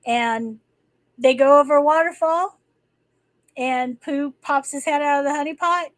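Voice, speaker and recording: A woman's voice: high-pitched, measured pace, no room sound, low-quality recording. A woman hosting a live stream, talking casually and rambling, with many restarts and fillers. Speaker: livestream host. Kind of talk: casual spoken talk.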